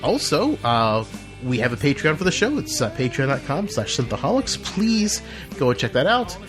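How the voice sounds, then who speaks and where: Lively woman podcast host, lots of laughing. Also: normal speed, music in the background. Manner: lively, laughs often, shifts to a lower serious announcer tone for plugs. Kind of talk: casual podcast chat.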